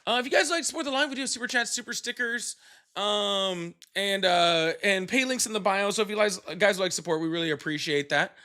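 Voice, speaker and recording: A man hosts a live call-in stream with a high, bright voice. He jokes constantly and laughs easily, chatting with callers in a loose, excitable way. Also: brisk. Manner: joking, excitable, laughs often. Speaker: livestream host. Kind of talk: casual live call-in chat.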